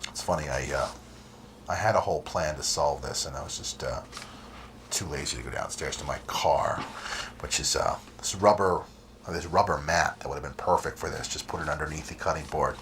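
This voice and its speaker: The cooking-show host here is a man whose voice is extremely low but fairly quick. Relaxed and rambling, he laughs frequently while casually chatting over cooking footage, with noisy audio from a community TV studio.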